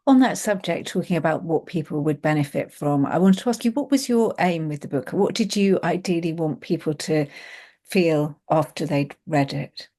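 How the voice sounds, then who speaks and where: A woman hosts a book club, putting measured questions to her guest. Her voice is low and mellow. She sounds calm and inquiring. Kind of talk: interview questions.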